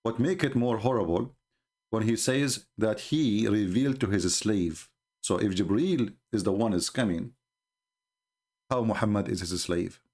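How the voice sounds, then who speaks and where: A man giving live-streamed commentary in an emphatic, scornful, mocking manner, often halting with fillers and restarts. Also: on the low side, a little mellow.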